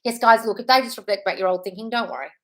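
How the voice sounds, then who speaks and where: Streaming live from home, this manifestation coach in her thirties speaks rapid-fire in a fairly high, slightly bright voice. Her Q&A is chatty and reassuring as she responds to viewer comments, calls people darling, and lets the occasional swear word slip.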